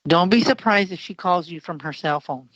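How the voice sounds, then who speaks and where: A man's voice: fairly high pitch, normal speed, fairly bright tone, dry recording. A man working as a psychic medium on a live call-in show, rambling and emotional, with many fillers and restarts. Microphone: internet voice call. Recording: muffled internet call audio.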